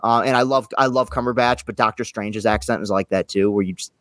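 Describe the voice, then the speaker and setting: A man's voice: lowish voice, fairly even intonation, fairly quick, a bit bright, no room sound. Brief: opinionated male co-host, dry close recording, casual chat. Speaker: movie podcast co-host.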